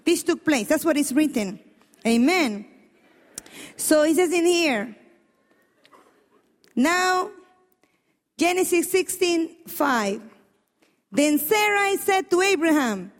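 Woman preacher, high voice, emphatic sermon, lots of questions to the crowd, big echoey church hall. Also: slow, long pauses. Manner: emphatic, animated, exclaiming and questioning the congregation.

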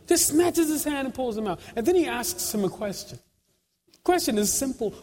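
A man preaching a sermon, speaking in slow, broken phrases with dramatic pauses, swinging between quiet prayer and shouted peaks, with frequent conversational asides to the congregation. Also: very high voice, expressive. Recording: long hall reverb.

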